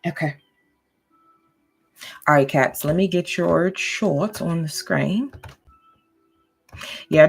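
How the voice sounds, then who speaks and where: A woman's voice: low-pitched, creaky, husky. A woman giving a casual, goofy tarot and astrology reading, laughing often and checking in with listeners. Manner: addresses listeners directly, checking in with "okay?".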